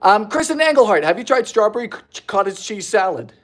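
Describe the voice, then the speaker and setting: Animated man hosting a live bake. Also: high-pitched, brisk. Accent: mild Bermudian. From Bermuda. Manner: animated, theatrical, jokey. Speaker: baking show host. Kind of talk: live-stream baking chat.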